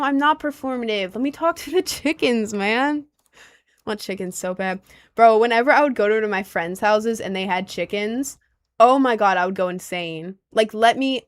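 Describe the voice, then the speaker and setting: A young woman with a low voice, chatting casually on a livestream and reading out comments, playful and giggly. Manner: playful and giggly, with sudden squeaky bursts.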